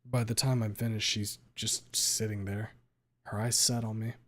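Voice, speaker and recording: A man's voice: on the low side, flat delivery. Man reading a story aloud with feeling. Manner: emotional, pace swinging between rushed and drawn out. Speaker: streamer reading a fan fiction aloud. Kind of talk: expressive first-person story reading.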